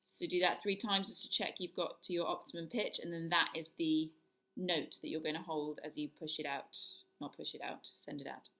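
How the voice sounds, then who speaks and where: A woman voice coach leading a guided vocal warm-up, talking through each exercise step by step. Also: low-pitched, steady tone, moderate pace. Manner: demonstrates yawns, hisses, hums and sirens; instructive, step-by-step.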